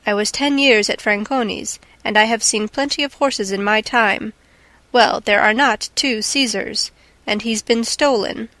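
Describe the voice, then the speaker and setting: A woman's voice: fairly high pitch, measured pace, sharp tone, no echo. A woman voicing a dry, stubborn male head stableman in a plain, matter-of-fact tone.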